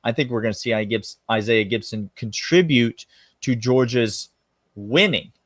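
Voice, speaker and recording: A man, co-hosting a casual sports podcast in an emphatic, animated way. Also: mid-range voice, normal speed, no echo. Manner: emphatic, animated, drawls "y'all". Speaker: podcast co-host.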